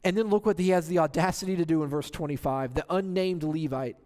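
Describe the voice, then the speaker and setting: A man's voice: a little high, quick pace, darkish tone, long reverb tail. A man preaching a sermon, retelling scripture dramatically and asking rhetorical questions. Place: church sanctuary.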